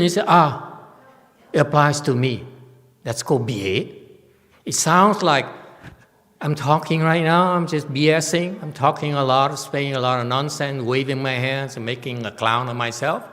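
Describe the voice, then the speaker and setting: His voice a little high and fairly bright, a meditation teacher talks at a moderate pace to his class. The Dharma talk is blunt, emphatic and self-mocking, echoing with long reverb in the temple hall.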